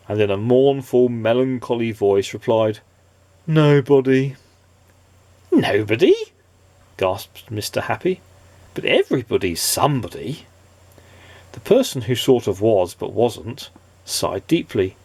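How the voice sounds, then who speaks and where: A father reading a children's picture book aloud, gentle and expressive. His voice sits at an ordinary middle pitch for a man but moves up and down a lot as he tells the story. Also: a little slow.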